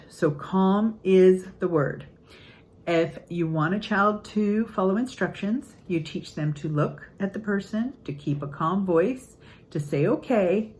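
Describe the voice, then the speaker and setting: An older woman, a grandmother, giving an earnest, upbeat casual talk on parenting, acting out quotes in lively voices. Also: lowish voice, slight background noise, rough recording. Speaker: parenting channel host.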